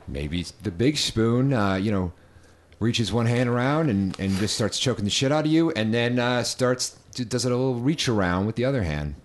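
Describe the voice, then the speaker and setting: A man co-hosting a comedy podcast, crude and rambling, with lots of hesitant restarts. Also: lowish voice. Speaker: podcast co-host. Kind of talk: casual comedy chat.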